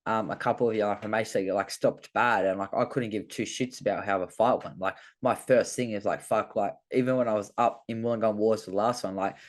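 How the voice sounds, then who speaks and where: Man, low-ish voice, rambling casual fighter chat full of fillers. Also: fairly even intonation, a little fast, hardly any pauses. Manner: rambling, heavy use of "like" fillers. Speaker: MMA fighter guest.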